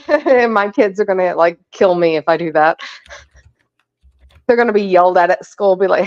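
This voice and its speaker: A woman in her forties, a guest in casual chat, blunt and quick to laugh and swear. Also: fairly low pitch, expressive, darkish tone, dull audio.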